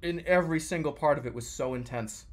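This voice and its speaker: A man's voice: fairly high pitch, quick pace. A young man streaming, telling his dreams in casual chat, acting out the voices and swearing freely. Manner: animated storytelling, acts out quotes with profanity.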